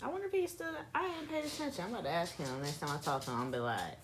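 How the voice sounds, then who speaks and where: A woman's voice: lowish voice, huge pitch swings, rapid-fire, slight background noise. A woman from South Carolina with a Southern accent, casually chatting with her live audience and playfully testing how she says words. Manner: laid-back, playful, repeats words to test her pronunciation. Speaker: livestream host.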